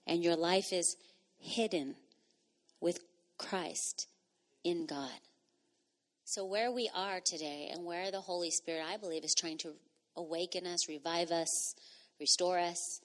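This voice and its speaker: A middle-aged woman pastor giving a sermon in a conversational way, with laughing asides, dropping to a hush and rising to loud bursts. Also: mid-range voice.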